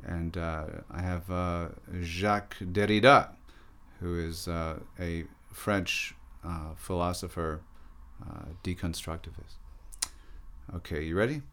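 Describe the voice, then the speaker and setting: A man, a poet and artist, talking haltingly about his work in an interview. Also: low voice, steady tone, fairly bright tone. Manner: halting, many restarts. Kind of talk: casual interview talk.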